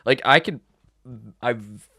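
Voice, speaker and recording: A man's voice: mid-range voice, slow pace, pushed and bright, no echo, studio quality. A young man co-hosting a podcast, telling a story in casual chat with lots of fillers and restarts. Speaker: podcast co-host.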